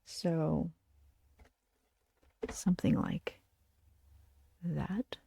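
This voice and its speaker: Woman, low-ish voice, casual craft-stream host, rambling and thinking aloud, dry sound. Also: steady tone, very slow, creaky, warm tone, slightly rough, dry recording. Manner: chatty, thinking aloud, trailing into murmurs. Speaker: puppet builder and show host. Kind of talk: craft livestream demonstration.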